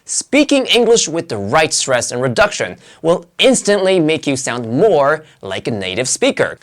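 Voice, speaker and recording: Animated, sing-song English pronunciation teacher. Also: normal speed. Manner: clear, emphatic teaching delivery with dramatic pitch swings. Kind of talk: scripted lesson narration.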